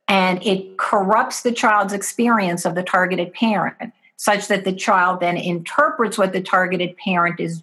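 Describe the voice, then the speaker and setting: A woman's voice: medium pitch, a bit bright. A woman guest in an interview, earnestly explaining parenting steps and acting out what parents and children say.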